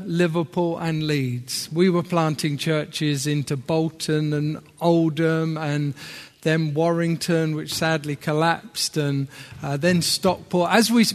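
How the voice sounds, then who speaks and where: A middle-aged man with a northern English accent preaching a sermon, chatty and self-deprecating, with asides to the congregation. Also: fairly high pitch. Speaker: visiting preacher. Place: church hall. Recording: long hall reverb.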